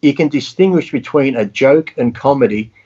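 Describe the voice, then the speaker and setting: A man's voice: mid-range voice, lively intonation, moderate pace, a little mellow, slightly rough. A man in casual chat, blunt and profane, telling stories with animation. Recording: dull lo-fi sound.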